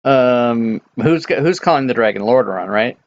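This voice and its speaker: A man running a tabletop game as dungeon master, explaining slowly with frequent hesitations. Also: medium pitch, lively intonation, vocal fry, dull audio. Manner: unhurried, hesitant with many ums.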